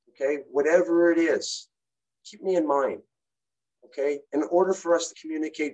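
A middle-aged man giving an energetic, repetitive motivational talk as a sales coach, punctuating his points with "okay?". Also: medium pitch, low-quality recording. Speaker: network marketing coach.

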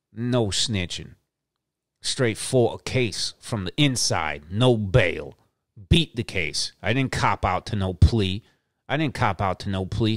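In a studio-quality, dry recording, a deep-voiced middle-aged podcast host swaggers through a brash monologue. He swears a lot and says lines again for emphasis.

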